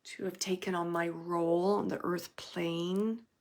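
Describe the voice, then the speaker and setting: A woman medium giving a live reading to an audience, relaying messages in a chatty way with many fillers and sometimes dropping to a soft hush. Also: fairly low pitch, flat delivery, a little slow. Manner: drops to a soft hush at times.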